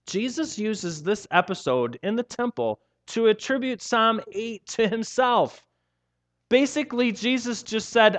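A man preaching a sermon, telling the story in a playful, animated way with casual slang. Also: high-pitched, unhurried. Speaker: pastor.

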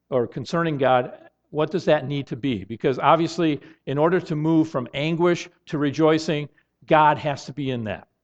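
Earnest preacher man, dull lo-fi sound. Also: fairly high pitch. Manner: earnest, rising to loud emphatic outbursts. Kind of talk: sermon.

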